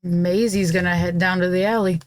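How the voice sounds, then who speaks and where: A woman playing a tabletop game, giving short, unhurried answers. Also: lowish voice, fairly even intonation, no echo. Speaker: player.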